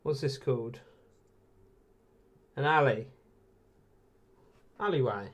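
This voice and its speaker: A man's voice: medium pitch, takes it slowly. A man in his late twenties with an English accent, hosting a casual live watch-along and chatting with viewers, laid-back and laughing often. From England. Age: 20s.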